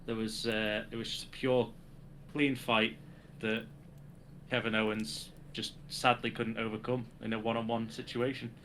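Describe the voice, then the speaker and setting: Bright-voiced man recapping wrestling. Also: medium pitch, slight background noise. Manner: sarcastic, recaps segments with acted quotes. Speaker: podcast co-host. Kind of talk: casual wrestling chat.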